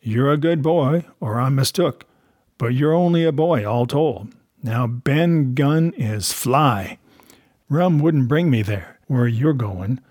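A cunning, anxious old castaway sailor from a storybook, voiced by a man reading aloud. He talks in rough, rustic grammar with a sly, insistent edge. The voice is husky and the sound is dry and close. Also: mid-range voice, animated, takes it slowly, darkish tone, no room sound. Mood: wheedling. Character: half-wild marooned old male sailor, cunning and anxious.

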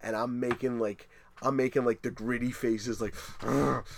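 Man, middle-aged, casual chat, profane, animated storytelling, mid pitch. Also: moderate pace, creaky, a little hiss or hum.

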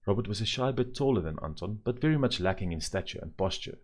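A man narrating a children's story in a measured, gently expressive way. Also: fairly low pitch, slightly rough.

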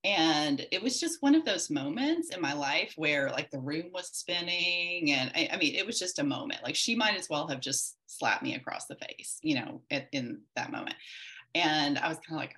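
A woman's voice: deep voice, animated, moderate pace, a bit bright. A woman in her forties, a podcast guest, telling a personal story candidly and reflectively, with many restarts.

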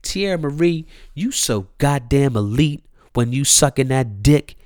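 A man's voice: medium pitch, lively intonation, a little slow, darkish tone, dry recording, studio quality. A young man from Maryland, hosting his own show, ranting in a casual, slangy, profane way and repeating his phrases. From Columbia, Maryland. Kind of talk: casual solo rant.

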